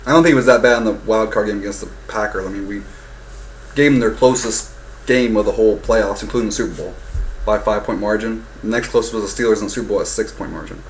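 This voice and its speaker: A young man ranting casually about football, heated and profane, swinging between loud outbursts and low muttering. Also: fast talker, a little hiss or hum, poor audio. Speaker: fan vlogger. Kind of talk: casual sports rant.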